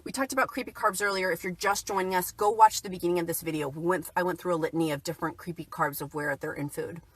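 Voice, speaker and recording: A woman's voice: on the low side, fast, husky, no room sound. A woman talking casually and cheerfully on a livestream, chatting about her day and reading out viewer comments. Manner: chatty, upbeat, reads viewer comments aloud. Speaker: keto vlogger.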